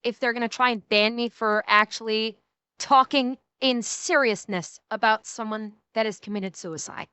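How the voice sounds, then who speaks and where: Woman streamer with a high, bright voice and a dry, close sound; emphatic, ranting, swears freely. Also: smooth, no echo. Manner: quick shifts between mocking and serious. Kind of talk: casual reaction stream commentary.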